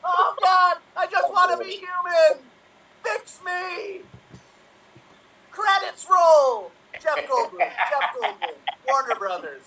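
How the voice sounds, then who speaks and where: A man's voice: very high-pitched, big pitch swings, takes it slowly, hardly any pauses, fairly bright tone, exaggerated voice. A man voicing a frantic male scientist turning into a fly, in a melodramatic, wailing improv remake. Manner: melodramatic, wailing, switching parts. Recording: voice from a distant mic.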